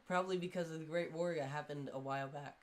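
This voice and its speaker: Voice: mid-range voice, steady tone, fast, a crowd in the background. A plain-spoken tabletop game player. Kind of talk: casual tabletop play.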